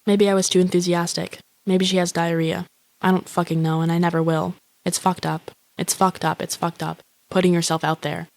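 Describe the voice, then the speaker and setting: A young woman, lonely and grandiose, muses in a deadpan inner-monologue voice-over, cursing offhandedly and sounding wrapped up in herself. Her slightly low, gravelly voice hardly varies in pitch and sits close, moving a little fast in a dry recording.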